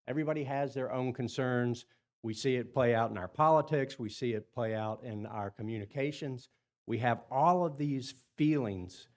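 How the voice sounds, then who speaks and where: Guy giving a talk to a room of engineers, mid pitch, chatty, keeps checking in with the crowd. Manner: chatty, repeats words, asks the room questions. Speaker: seminar presenter. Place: meeting room with an audience of sixty or seventy.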